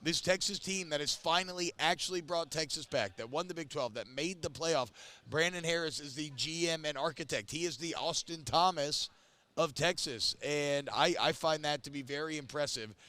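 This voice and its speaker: A man's voice: on the high side, moderate pace, bright, forceful tone. A man in his thirties co-hosting a casual sports talk show, emphatic and opinionated, speeding up in bursts and stretching his stressed words.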